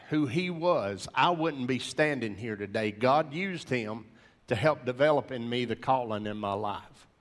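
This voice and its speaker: A man, an earnest preacher telling a personal testimony to a gathering of men in animated storytelling fashion. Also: medium pitch, long reverb tail.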